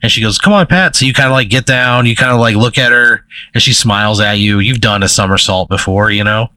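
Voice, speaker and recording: A man's voice: fairly low pitch, flat delivery, brisk, sharp tone, no room sound, low-quality recording. A young man co-hosting a podcast, spinning a rambling hypothetical story full of "like" and "you know", on a close mic. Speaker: podcast co-host. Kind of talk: improvised storytelling.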